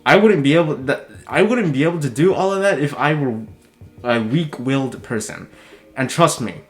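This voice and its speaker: A man talking in a casual commentary vlog, heated and swearing, his voice jumping high when he is worked up. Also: lively intonation, normal speed, faint music behind. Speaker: video commentator.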